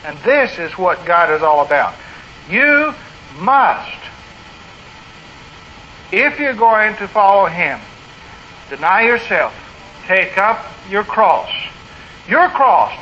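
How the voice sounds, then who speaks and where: A man with a high, bright voice preaches an earnest sermon, pressing his points home through repeated phrases. The recording is dull and lo-fi, with a faint hiss behind him. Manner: earnest preaching, rising to emphatic repetition. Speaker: pastor.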